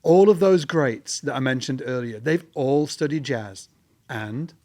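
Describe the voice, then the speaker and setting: A man's voice: medium pitch, unhurried, a little mellow. A man co-hosting a podcast in a casual chat, making encouraging remarks and short affirmations. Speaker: podcast co-host.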